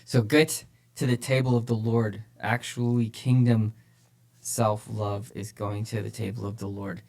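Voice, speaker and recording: A man's voice: fairly low pitch, flat delivery, measured pace, darkish tone. A man co-hosting a church podcast, talking casually and with energy about faith, often repeating phrases for emphasis. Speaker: podcast co-host, church leader.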